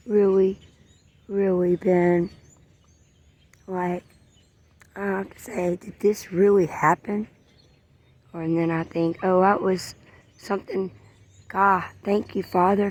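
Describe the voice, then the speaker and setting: A woman's voice: medium pitch, level tone, slow pace, long pauses, darkish tone. A woman sharing her faith in an earnest vlog, repeating phrases and sometimes dropping to a whisper. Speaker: vlogger.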